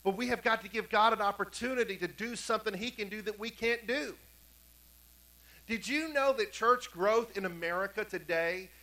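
A man preaching a sermon in a church, telling stories and swinging from hushed tones to emphatic repetition. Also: high voice, rough recording. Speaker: pastor. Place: church sanctuary.

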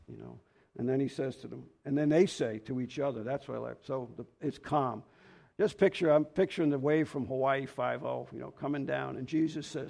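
Folksy guy preaching casual sermon, gravelly voice, kinda rambly. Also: mid-range voice, fairly even intonation, brisk, darkish tone. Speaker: lay preacher. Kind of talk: informal sermon with scripture reading.

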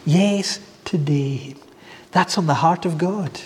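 A man preaching in a church, his voice sitting a bit high for a man. He talks earnestly and repeats himself, stacking one phrase on the next. A long reverb trails behind every line. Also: takes it slowly, darkish tone. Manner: earnest, repetitive, building phrases. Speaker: pastor. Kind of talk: sermon.

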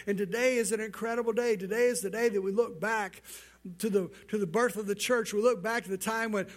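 High-voiced pastor telling a joke. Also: male voice. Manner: storytelling, animated, repeats words while speaking. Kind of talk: sermon with a told joke.

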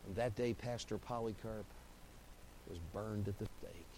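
A man preaching a sermon as pastor. He swings from hushed, slow lines to loud, driving buildups and repeats phrases in rising, rhythmic runs. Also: fairly low pitch, poor audio.

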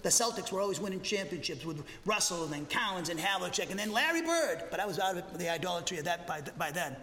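A man preaching an expository sermon as pastor, talking in an animated, conversational way with frequent restarts. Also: high-pitched, quick pace, in a large hall, slight background noise. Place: church sanctuary.

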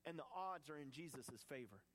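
A man preaching a sermon, animated and acting out the voices in the scripture he tells. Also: fairly high pitch, brisk.

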